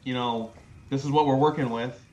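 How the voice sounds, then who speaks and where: A man's voice: medium pitch, fairly even intonation, normal speed, darkish tone, lo-fi sound. A man co-hosting a casual sports podcast, chatty and hedging, repeating words as he works out his opinion. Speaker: podcast co-host.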